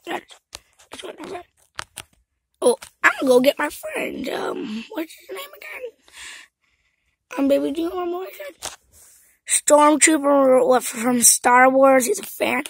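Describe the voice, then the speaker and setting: A woman's voice: very high voice, sing-song, moderate pace, long pauses, rough recording. A female vlogger chatting casually to camera, rambling and often dropping to a whisper.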